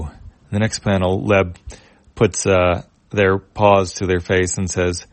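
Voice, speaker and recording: A man reading a webcomic aloud panel by panel, relaxed, with fillers. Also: low voice, takes it slowly, no echo. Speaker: comic reader.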